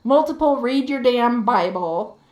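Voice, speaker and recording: A woman's voice: fairly high pitch, animated, unhurried, darkish tone. A woman live streamer ranting heatedly while she games, swearing and repeating herself for emphasis. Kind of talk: venting rant while gaming live. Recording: roomy echo.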